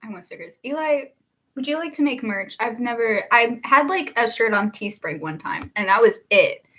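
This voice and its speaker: A woman's voice: fairly high pitch, lively intonation, normal speed, fairly bright tone. A young woman, a singer-songwriter hosting a casual livestream, chatting, laughing often and reading viewer comments aloud.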